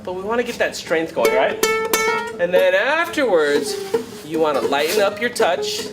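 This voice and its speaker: A man with a fairly high voice runs a relaxed flamenco guitar workshop, talking in an easygoing, encouraging way. Loud guitar playing sits right under his voice throughout. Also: normal speed, poor audio. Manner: chatty, encouraging, with frequent "right?" and "okay?". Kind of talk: casual workshop teaching. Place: workshop room.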